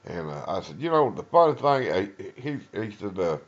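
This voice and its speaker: Here a retired lawman and Vietnam veteran from East Texas rambles through his story, his Southern accent thick, stumbling over many uhs and performing the dialogue of others. He's an older man with a lowish, very animated voice, captured on dull audio.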